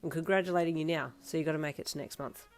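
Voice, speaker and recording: A woman voicing a confident teenage boy who speaks calmly, kindly and a little slyly. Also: low-pitched, rapid-fire. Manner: calm, reassuring, sly.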